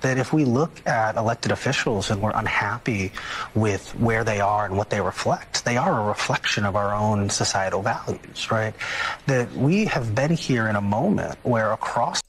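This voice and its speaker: A man giving earnest, measured political analysis in a television interview, speaking in a lecturing tone. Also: fairly low pitch, husky, rough recording.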